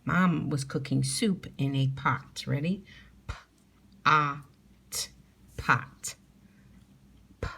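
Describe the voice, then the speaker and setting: A middle-aged woman teaches young children to spell from home, speaking slowly and patiently as she sounds out each letter. Her voice sits low with a gravelly edge. She repeats words and breaks them into sounds for little learners.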